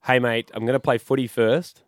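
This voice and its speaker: A man's voice: mid-range voice, fairly even intonation, a little fast, no echo. An Australian man hosting a radio show, chatting casually and laughing between lines in a studio. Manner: laughing, joking. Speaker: radio host.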